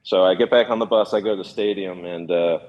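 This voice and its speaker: A man in his thirties from California, a former pitcher telling stories in an easygoing interview, with many fillers and restarts. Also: fairly even intonation, fast, highs cut off. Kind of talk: relaxed storytelling interview.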